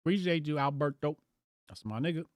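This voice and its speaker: A man's voice: on the high side, expressive, brisk, darkish tone, no echo. Guy with aave riffing on a stream, voice jumps all over, dry close sound. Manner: loose slangy talk, reacting aloud while reading headlines. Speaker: livestream host. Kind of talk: casual live-stream commentary.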